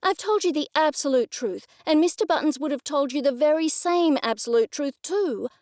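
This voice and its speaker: A woman's voice: sits high, moderate pace, darkish tone, no echo, clean studio sound, voice pushed up, natural voice. A woman narrator voicing an indignant middle-aged woman amateur sleuth who answers in a defensive, snappish way.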